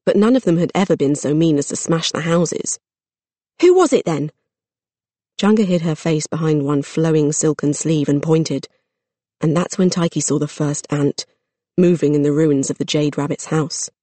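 A narrator reading a storybook aloud in a steady, measured way. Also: mid-range voice, no room sound.

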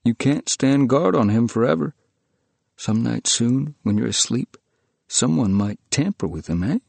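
A man's voice: mid-range voice, animated, unhurried, gravelly, a little mellow, breathy edge, no echo, pitched above the performer's own voice, full character voice. Sneering male tormentor, insinuating and mocking; a man performs it in a reading. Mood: taunting. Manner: taunting, insinuating.

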